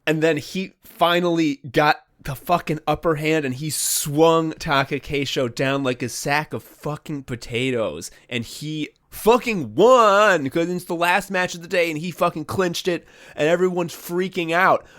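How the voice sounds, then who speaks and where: A man co-hosting a podcast, telling stories in casual, profane, animated chat. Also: fairly high pitch, unhurried, few pauses. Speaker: podcast co-host. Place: separate rooms from co-host.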